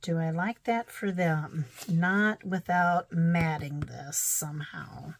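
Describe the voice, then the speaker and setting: Slow-talking woman thinking aloud while crafting. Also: on the low side, gravelly, slight background noise. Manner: thinks aloud, self-deprecating, chatty asides. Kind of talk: casual crafting vlog narration.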